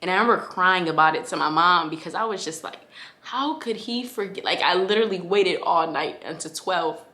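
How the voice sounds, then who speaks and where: A woman's voice: fairly low pitch, fairly quick, pushed and bright. A young woman from Connecticut telling a personal story to her viewers, casual and heartfelt, with lots of fillers. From Connecticut, USA. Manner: casual, heartfelt, filler-heavy, addresses listeners as y'all. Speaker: vlogger. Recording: echoey room.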